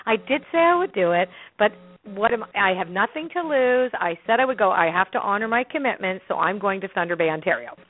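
A woman with a Canadian accent tells a story in an animated, chatty way, laughing often and acting out her own lines. Her voice sits at an ordinary middle pitch. The sound is narrow and tinny, like a phone call. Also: fairly quick. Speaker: interview guest. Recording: phone-like lo-fi line.

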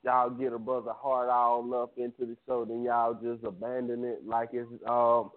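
A man's voice: mid-range voice, monotone, normal speed. A man calling in to a show, chatting in a laid-back, slangy way with restarts. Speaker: caller. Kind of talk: casual call-in chat. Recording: phone call line.

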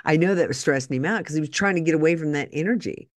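A woman's voice: sits low, racing, no echo. A woman hosting a podcast in a casual, chatty monologue with jokey asides. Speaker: podcast host.

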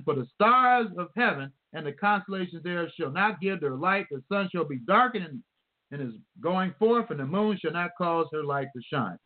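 A man preaching a sermon, reading scripture slowly and stressing his points with emphasis. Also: high-pitched. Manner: emphatic, reads scripture slowly and repeats verse numbers. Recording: tinny phone-like audio.

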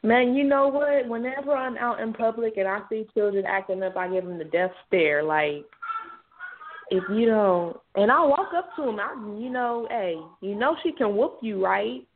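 A woman's voice: fairly high pitch, normal speed. A woman co-hosting a podcast, telling slangy stories in casual chat. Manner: slangy, laughing storyteller. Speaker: podcast co-host. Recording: tinny phone-like line with faint noise.

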